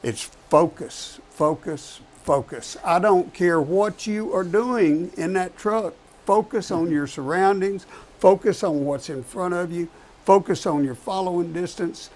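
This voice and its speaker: A man's voice: high voice, a little slow, a little mellow. A man who is a professional truck driver, talking casually and repeating his key points for emphasis. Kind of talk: casual talk show chat.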